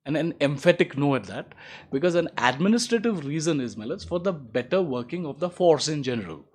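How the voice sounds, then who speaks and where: Emphatic advocate rebutting in court. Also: male voice, animated, fairly quick, a little mellow, slightly rough. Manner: formal and emphatic, repeats "my lords", rises in pitch to stress points. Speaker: advocate replying to opposing counsel. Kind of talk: courtroom legal argument.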